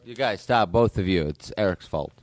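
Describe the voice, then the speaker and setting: Low, wry male podcast co-host. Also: animated, normal speed. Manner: wry, deflating, trails off while telling a bit. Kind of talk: casual comedy banter.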